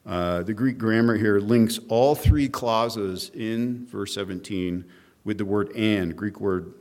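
A middle-aged male pastor delivers an expository sermon, reading scripture aloud and unpacking it in a measured, teacherly way. He often uses fillers and restarts his sentences. His voice is lowish and somewhat dark in tone.

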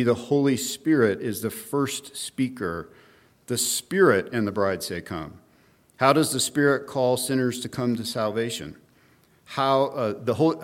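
A middle-aged male pastor preaching an expository sermon, reading scripture aloud and explaining it in a measured teaching manner, with frequent fillers and restarts. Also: mid-range voice.

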